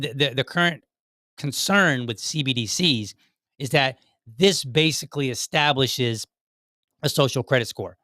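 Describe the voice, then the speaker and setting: A man's voice: mid-range voice, sharp tone, no echo, studio quality. A man hosting a political podcast, talking casually with frequent restarts and asides. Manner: conversational, many restarts and "like" asides. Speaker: podcast host.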